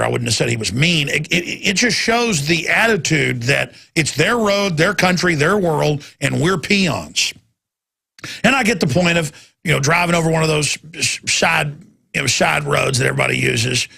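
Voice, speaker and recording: A man hosting a talk radio show, ranting intensely in a rambling monologue that climbs to loud, excited peaks. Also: on the high side, gravelly, husky.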